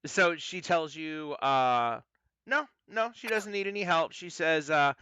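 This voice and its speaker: A man's voice: fairly high pitch, unhurried, bright, forceful tone, smooth, no room sound, dull audio. A man narrating as game master, hesitant with many fillers and restarts. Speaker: dungeon master.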